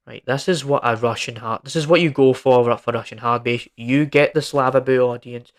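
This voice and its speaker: A young man running a solo podcast in a loose, rambling way. He talks emphatically and informally, piling on fillers and checking in with "right?" as he goes. His voice sits at an ordinary middle pitch for a man. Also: fairly even intonation, moderate pace. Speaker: podcast host.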